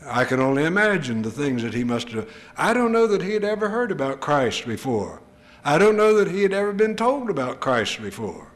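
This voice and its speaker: A man's voice: a little high, very animated, brisk. An older male preacher delivering an earnest, emphatic sermon full of rhetorical questions. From United States.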